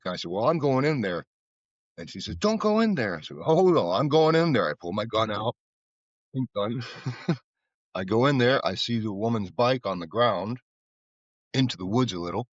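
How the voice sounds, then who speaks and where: A man's voice: on the low side, moderate pace, pauses often, no echo, muffled recording. An American man from Florida, a guest telling loose, rambling stories in casual conversation, with lots of "you know" and repeated words. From Florida, USA. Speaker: guest, flower bike artisan.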